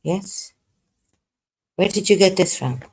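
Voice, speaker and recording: Slow, halting man reading scripture aloud. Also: high-pitched, breathy edge, poor audio. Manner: sarcastic, halting, with many fillers. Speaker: livestream host.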